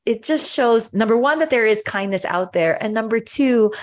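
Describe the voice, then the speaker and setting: A woman's voice: on the high side, lively intonation, moderate pace. A woman hosting a podcast in casual chat, earnest and gushing, often restarting her sentences. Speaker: podcast host.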